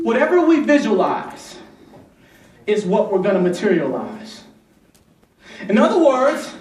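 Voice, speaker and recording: High-voiced man rallying a hall. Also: measured pace, long pauses. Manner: energetic, rhythmic, rallies the crowd. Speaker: youth motivational speaker. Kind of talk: motivational speech with call-and-response. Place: large conference hall. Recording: echoey hall from far off.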